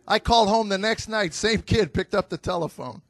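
A middle-aged American man doing stand-up, telling stories about his sons with a deadpan, exasperated delivery to a live audience. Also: sits high, moderate pace, no room sound. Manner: deadpan storytelling with exasperated asides. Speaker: stand-up comedian. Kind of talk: stand-up comedy routine. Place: stage before a live audience.

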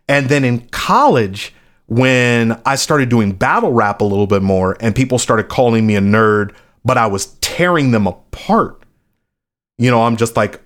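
Man, casual interview guest, storytelling, loose delivery, quoted voices, medium pitch. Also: lively intonation, moderate pace, fairly bright tone. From Chicago area. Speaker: guest, battle rapper.

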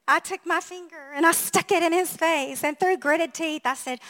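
A middle-aged woman pastor giving a sermon, telling funny family stories in an animated way and laughing at herself. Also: very high-pitched.

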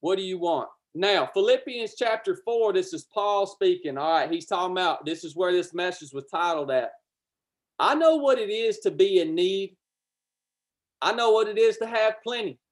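A man with a drawl delivers a livestreamed sermon. He preaches with fervor, repeating key lines, climbing to loud declarations, then easing into chatty asides to his viewers. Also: high-pitched, normal speed. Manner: fervent, repetitive, swells loud then drops to casual asides.

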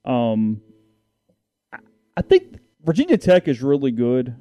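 A man's voice: mid-range voice, unhurried, soft background music. A man co-hosting a sports podcast, talking casually and getting worked up in bursts of indignation. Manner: animated, indignant, rising to outbursts.

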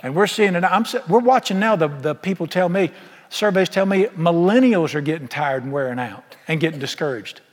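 A man's voice: on the high side, expressive, a little fast. A man preaching a sermon, folksy and emphatic, firing rhetorical questions at the congregation. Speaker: pastor. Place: church sanctuary. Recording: long reverb of a large hall.

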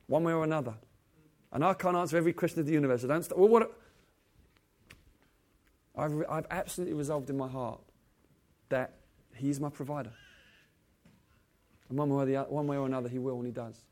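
A man preaching a sermon, swinging from loud exclaiming passages to soft, low, intimate ones and asking the congregation questions. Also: fairly quick, pauses often. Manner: asks the congregation direct questions.

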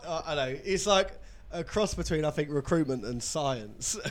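Male, band singer, rambling casual talker, slightly high register. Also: lively intonation, moderate pace. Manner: rambling, with restarts and laughs. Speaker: band singer and legal professional. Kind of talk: casual podcast chat.

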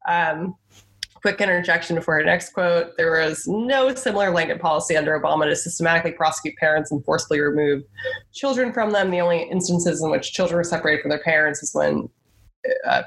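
A woman's voice: low-pitched, fairly quick, vocal fry, a bit bright. A woman co-hosting a podcast, giving casual political commentary in a sarcastic, profane, chatty way. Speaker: podcast co-host.

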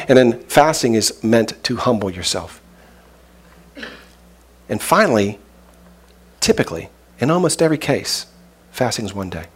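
Husky-voiced man preaching casually. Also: medium pitch, big pitch swings, moderate pace, long pauses. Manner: conversational, joking preacher who acts out voices. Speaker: pastor. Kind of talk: sermon.

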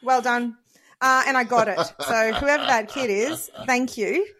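A woman's voice: on the high side, a little slow, a bit bright. A woman hosting a casual teachers' podcast, upbeat and playfully teasing, laughing often.

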